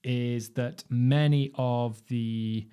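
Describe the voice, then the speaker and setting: A man teaching drumming in a measured, explanatory lecture, posing rhetorical questions as he goes. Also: medium pitch, steady tone, dark tone, smooth. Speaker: drum instructor. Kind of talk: instructional lecture.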